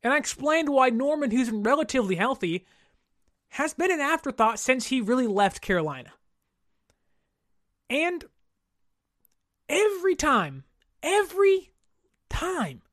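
A woman in her thirties hosting a sports podcast, ranting in an exasperated, animated way with mocking mimicry. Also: sits high, no echo, studio quality. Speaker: podcast host. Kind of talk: casual sports podcast rant.

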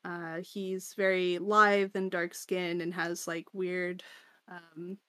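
A woman's voice: fairly low pitch, little pitch movement, takes it slowly, pushed and bright, no room sound, studio quality. A woman co-hosting a podcast, recapping chapters in casual chat, full of fillers and laughter. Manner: chatty, lots of fillers and laughter. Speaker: podcast co-host.

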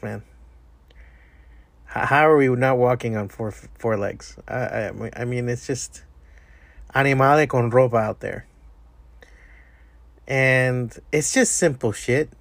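A man's voice: medium pitch, dry recording. A man hosting a podcast, telling a rambling, profane story in a casual monologue. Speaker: podcast host.

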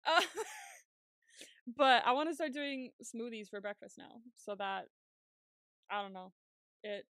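Young woman, podcast co-host, bright voice on a dry, close mic, chatty and quick to laugh. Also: fairly high pitch, expressive, clear, resonant tone, no room sound. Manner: chatty, laughs often, acts out her own reactions. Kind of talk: casual chat.

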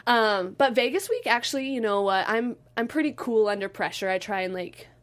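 A woman's voice: a little high, a little fast. A young woman dancer, a guest in an interview, telling stories with bubbly energy and acting out quotes. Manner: bubbly, animated storytelling with acted-out quotes. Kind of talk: casual interview.

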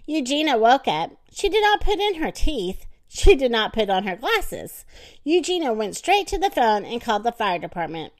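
A woman reading a children's storybook aloud, expressive and deliberate. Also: fairly high pitch. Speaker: narrator.

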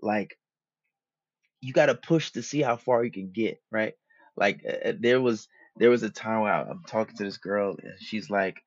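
A man's voice: lowish voice, moderate pace, husky, no echo. A man hosting a podcast, talking casually about dating in a slangy, profane, loosely rambling way. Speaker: podcast host. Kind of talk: casual monologue, dating advice. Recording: dull lo-fi dry recording.

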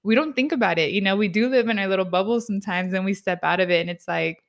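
Host: woman of mid pitch, animated storyteller, slips into Spanish, quick to laugh. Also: vocal fry. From San Diego, US. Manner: lively storyteller, switches into Spanish, laughs easily. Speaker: podcast host. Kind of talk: casual chat.

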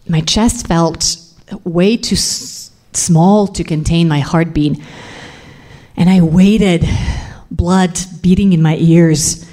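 Low-voiced woman telling her story. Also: slow pace, dark tone. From Serbia. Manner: intense, confessional. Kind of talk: personal storytelling.

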